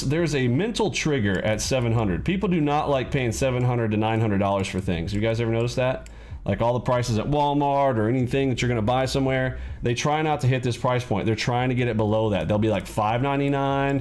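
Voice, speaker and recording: A man coaching day traders in a live lesson, emphatic and preachy, driving points home with repeated "okay?" and "you got it?", his voice swinging from low to high. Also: darkish tone. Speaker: trading coach. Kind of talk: livestream trading lesson.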